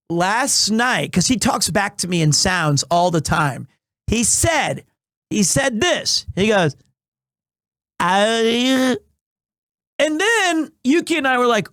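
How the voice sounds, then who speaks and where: A man in his thirties streaming live, chatting casually in a rambling, animated way with restarts, recovering from asthma and clearing his throat. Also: sits high, takes it slowly, dry recording, studio quality. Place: small home room.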